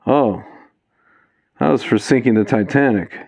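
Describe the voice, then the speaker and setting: A man's voice: medium pitch, unhurried, vocal fry, darkish tone, muffled recording. A man voicing an indignant man in a bar joke, protesting after being punched. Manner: protesting, incredulous.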